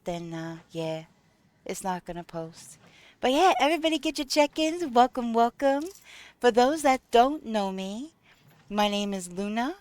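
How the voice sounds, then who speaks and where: A woman game streamer chatting with her viewers in an unhurried, drawn-out way, her voice smooth and clear. The sound is dry and close, with no room echo. She thanks people and walks through what she is doing in the game, filling pauses with ums. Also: mid-range voice, a bit bright. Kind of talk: casual live-stream chat while playing.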